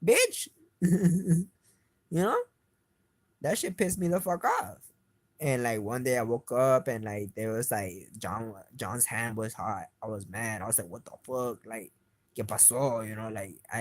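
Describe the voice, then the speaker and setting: A man's voice: lowish voice, moderate pace, dry recording. Agitated man in a profane rant. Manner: agitated, swears constantly, voice climbs when heated. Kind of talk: profane rambling rant to camera.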